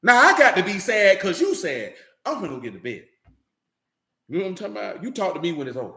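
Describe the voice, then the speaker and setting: A man's voice: sits high, sing-song, quick pace, pushed and bright, echoey room. A man giving a loose, conversational sermon, talking directly to listeners and often checking they follow him. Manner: talks loosely and directly, often asking "you know what I'm saying". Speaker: preacher.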